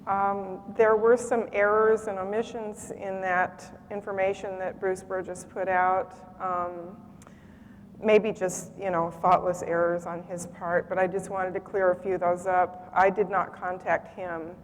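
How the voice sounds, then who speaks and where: A woman in her sixties giving a measured public talk to an audience, setting details straight with fillers. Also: medium pitch, flat delivery. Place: lecture hall. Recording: hall reverb with faint noise.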